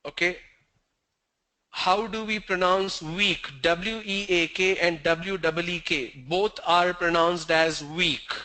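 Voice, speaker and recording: Man, teacher, corrective and strict, spells words out, unhurried delivery, high voice. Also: steady tone, pushed and bright. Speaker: English pronunciation teacher. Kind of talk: online class answering student questions.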